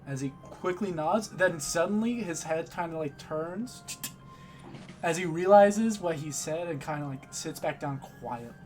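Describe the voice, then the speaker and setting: A man narrating as game master of a tabletop game, speaking in slow, deliberate phrases with many pauses. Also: on the high side, animated, darkish tone, faint music behind.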